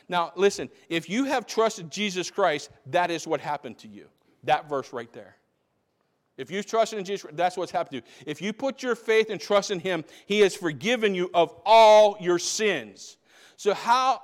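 A man preaching a sermon as pastor, emphatic, repeating phrases for stress. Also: high-pitched. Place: church.

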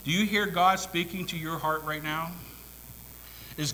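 A man preaching a sermon in a church, swinging between hushed whispers and loud, climactic calls. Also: a little high, steady tone, unhurried, pauses often, rough recording. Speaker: pastor. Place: church sanctuary.

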